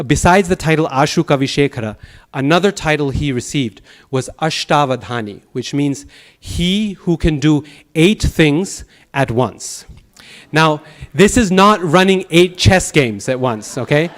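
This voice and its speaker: Animated man telling teaching stories. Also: fairly high pitch, unhurried. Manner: animated storyteller with chuckles and restarts. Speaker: Sanskrit teacher. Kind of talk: lecture with anecdotes. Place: temple class.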